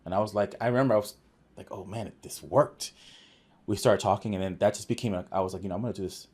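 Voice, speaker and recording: Guesting on a podcast, an office manager recounts workplace stories in a casual, conversational way. His lowish voice has a breathy edge and moves at a quick pace, and his earnest, animated retelling features acted-out quotes and frequent restarts.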